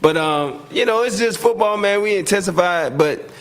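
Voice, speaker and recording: A man telling football stories in a casual interview, acting out quotes loudly and laughing often. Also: sits high, animated, normal speed. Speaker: retired football receiver, guest.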